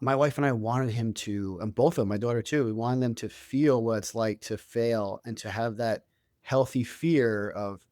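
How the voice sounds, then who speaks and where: A man's voice: lowish voice, a little mellow, dry recording, studio quality. A man in his thirties, a guest on an interview show, telling stories in a casual, conversational way with many restarts and fillers. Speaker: guest, author and youth coach.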